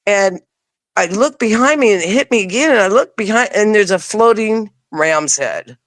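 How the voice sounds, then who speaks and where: A woman guest recounts a personal experience in plain, casual speech, slipping into lively re-enactments of what she said at the time. Her voice sits at a middling pitch, and the sound is dry and close. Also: moderate pace, dry recording. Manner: animated, acts out her own past words; casual, informal wording. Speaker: interview guest. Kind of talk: personal storytelling.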